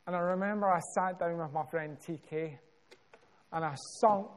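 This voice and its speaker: A Scottish man preaching a sermon, telling a story with measured, dramatic pauses and building emphasis. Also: a little high.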